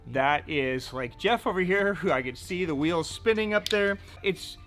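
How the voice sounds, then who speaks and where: A man's voice: high voice, expressive, normal speed, fairly bright tone, soft background music. A man presenting fishing gear in a casual product showcase, chatty and joking, often filling gaps with "so" and "right?". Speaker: fishing tackle shop presenter.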